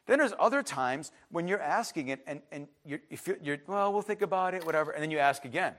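A man preaching a sermon as a pastor, emphatic, his voice swinging between loud outbursts and hushed asides. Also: on the high side, animated, fast talker.

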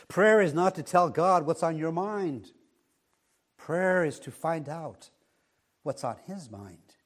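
Male preacher, unhurried sermon delivery, slightly high voice, hushed emphasis on key words. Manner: measured, dropping to a hush on key words.

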